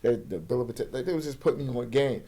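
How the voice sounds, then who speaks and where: A man's voice: medium pitch, very fast. A young man telling his life story as a guest in a casual interview, acting out quoted voices and swearing freely. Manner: animated, acts out quoted voices, profane street slang.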